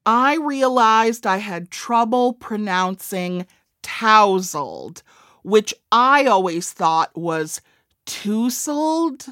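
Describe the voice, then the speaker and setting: A woman's voice: mid-range voice, slow, few pauses, fairly bright tone, no echo, clean studio sound. A woman in her forties with a Midwestern accent, an author chatting in a wry, self-deprecating way. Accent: Midwestern American. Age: 40s. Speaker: author and comedian. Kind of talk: casual interview chat.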